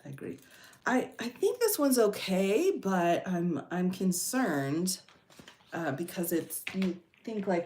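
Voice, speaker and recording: A woman's voice: medium pitch, very animated, a little slow, a little mellow, roomy sound. A woman hosting a casual livestream, reading bills aloud and reacting to them with chatty asides. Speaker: legal commentary host.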